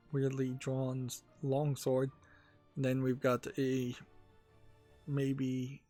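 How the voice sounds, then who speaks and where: A man hosting a gaming channel, talking casually about game news in a rambling, halting way with many fillers. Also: mid-range voice, darkish tone.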